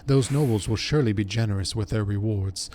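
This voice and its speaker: A man reading the lines of a wary, self-serving sellsword in a game, measured and dismissive. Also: on the low side, a little mellow, a little hiss or hum, close to an everyday voice.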